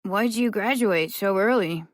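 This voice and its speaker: Lady reading doing a shy quiet little boy voice, higher, dry sound. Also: unhurried, no echo, close to an everyday voice. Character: wary young boy. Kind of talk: audiobook character voice.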